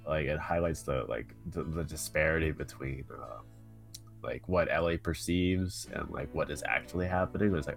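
A man's voice: a bass voice, normal speed, gravelly, soft background music. A young man with a congested voice, rambling through casual chat with a friend, full of fillers. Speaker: co-host.

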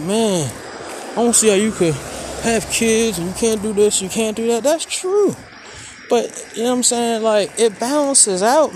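A man in his forties from Maryland hosting a podcast, talking candidly and emotionally in slangy speech, swinging from quiet to heated. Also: high voice, background noise. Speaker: podcast host. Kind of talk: personal monologue.

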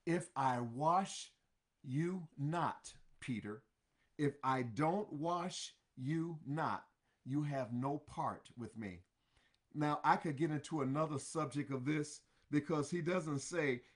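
A man's voice: fairly high pitch, expressive, unhurried. A man preaching a sermon, drawing out each scripture phrase and then repeating it in plain words.

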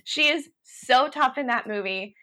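A young woman co-hosting a podcast, chatting casually and laughing often between quick asides. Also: high-pitched. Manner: giggly, animated, talks in quick asides. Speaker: podcast co-host. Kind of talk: casual chat.

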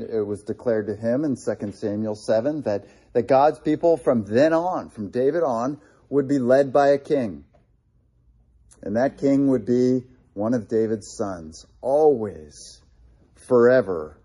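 A man preaching a sermon in an earnest manner, with quick asides and repeated restarts. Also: lowish voice, mellow. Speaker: pastor.

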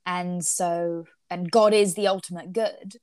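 Young woman co-host, slow and deliberate, hesitant casual study chat, dry close sound. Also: lowish voice, steady tone, darkish tone, dry recording. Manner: thoughtful, hesitant with frequent fillers. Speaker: co-host discussing ethics.

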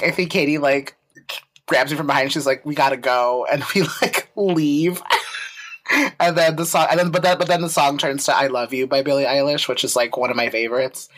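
A woman's voice: sits low, expressive, normal speed. A woman co-hosting a podcast, chatting casually and rambling through a story with lots of fillers and laughter. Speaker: podcast co-host. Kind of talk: casual chat.

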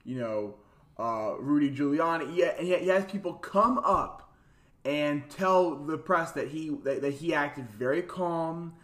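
A young man co-hosting a casual political chat, chatty and quick to laugh, with mocking asides. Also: fairly high pitch, lively intonation, a bit bright. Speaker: podcast co-host.

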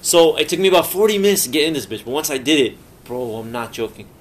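Man, podcast host, rapid-fire delivery, animated, swears a lot, casual chat. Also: on the high side. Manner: animated, swears, laughs often.

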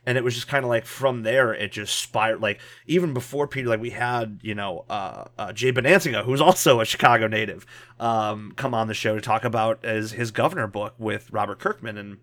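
A man's voice: lowish voice, fairly quick, a bit bright. Easygoing man co-hosting a podcast. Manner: loose, filler-heavy, many "like"s. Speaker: podcast co-host. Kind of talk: casual podcast chat.

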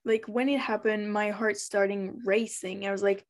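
A woman's voice: medium pitch, steady tone, moderate pace. A woman co-hosting a podcast, retelling a tense moment dramatically in casual chat. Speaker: podcast co-host.

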